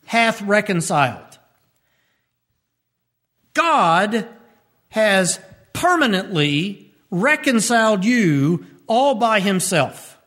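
A man preaching a radio sermon as pastor, repeating key phrases and rising sharply in pitch when he stresses a point. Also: very animated, extremely slow, fairly bright tone.

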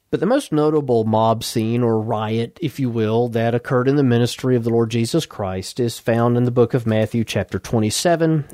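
A man preaching a sermon, reading scripture aloud and slowing down to stress key words. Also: mid-range voice, darkish tone, no echo, clean studio sound. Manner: reads scripture aloud in King James wording, slows for emphasis.

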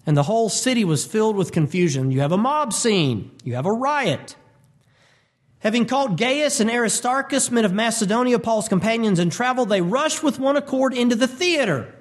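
High-voiced preacher, animated. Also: male voice, normal speed. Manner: animated, acts out voices and quotes. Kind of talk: expository sermon.

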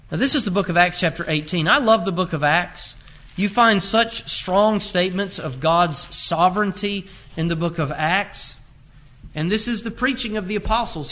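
Male pastor, higher-pitched and bright, emphatic sermon delivery that swells and drops. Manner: emphatic preaching, reads scripture aloud in King James wording; rises in force on key phrases, drops low and quiet on others.

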